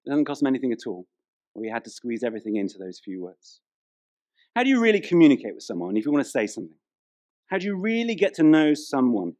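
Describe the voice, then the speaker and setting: A man's voice: mid-range voice, wildly swooping pitch, fast, a little mellow. A man, preaching a humorous, chatty sermon in a church. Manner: humorous storytelling, chatty, playful with the congregation. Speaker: pastor.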